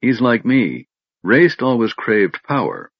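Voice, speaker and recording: A man's voice: medium pitch, sing-song, takes it slowly, dry recording, voice pushed up, full character voice. A man voicing a confident, teasing female warrior commander who speaks pleasantly but with menace. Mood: eager. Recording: dull lo-fi recording.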